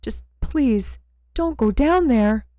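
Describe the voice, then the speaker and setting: A woman's voice: a little high, animated, a little slow, no echo. A woman voicing a frightened, stammering young man with a split personality in an audiobook. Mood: pleading. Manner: stammering, pleading. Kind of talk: audiobook character reading.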